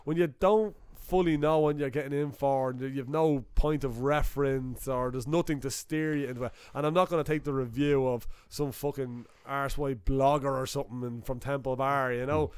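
A young Dublin man with an Irish accent, co-hosting a podcast and telling a profane, animated anecdote in casual chat. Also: mid-range voice, moderate pace, hardly any pauses, clean tone, no room sound. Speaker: podcast co-host.

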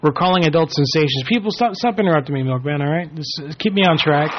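A man's voice: fairly high pitch, lively intonation, fast talker, background noise. A man hosting a prank call radio show, brash, bossy and swearing freely. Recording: dull lo-fi with faint music.

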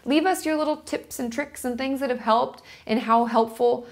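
A vlogger talks casually to her camera, teaching something step by step and checking her notes along the way. Her voice sits high and moves at a normal speed.

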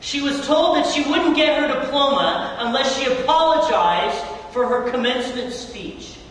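Middle-aged male preacher, very high voice, storytelling sermon that swells and falls, heard from far off in a church hall. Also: lively intonation, moderate pace. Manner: storytelling preacher, voice surging high and loud on quotes then dropping soft. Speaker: youth pastor.

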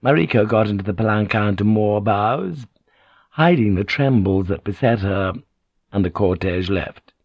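A man narrating an audiobook in a measured, even reading. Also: fairly low pitch, slightly rough, no room sound, dull audio. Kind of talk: scripted narration.

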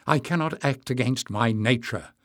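A man's voice: medium pitch, moderate pace, no room sound, studio quality, lightly acted. A man doing an earnest young hero. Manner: hushed then firm and earnest.

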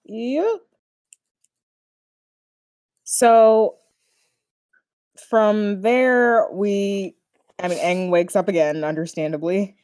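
A woman's voice: mid-range voice, steady tone, drawn-out words, pauses often, darkish tone, dry recording, clean studio sound. A woman co-hosting a casual podcast, recapping a cartoon episode and laughing often as she talks. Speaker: podcast co-host.

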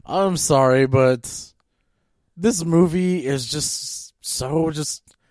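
Male podcast co-host, slightly high voice, dry close mic, exasperated and animated. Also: drawn-out words, no room sound. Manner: animated, exasperated ranting with frequent fillers. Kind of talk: casual movie-rant chat.

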